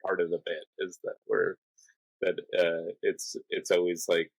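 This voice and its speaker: A man with a low, husky voice chats as a podcast guest, laughing often as he tells stories. His stand-up habit shows in how he acts out what others said. The sound is dry and close, with a gravelly grain in his voice. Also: level tone, unhurried, no echo, rough recording. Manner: laughing storyteller who acts out quotes. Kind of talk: casual podcast chat.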